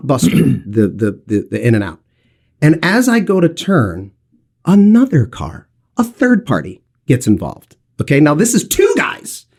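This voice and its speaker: A man in his forties telling a lively anecdote on a podcast, swearing freely and acting out what other people said. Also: fairly high pitch, unhurried, gravelly, husky. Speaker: podcast co-host telling a story.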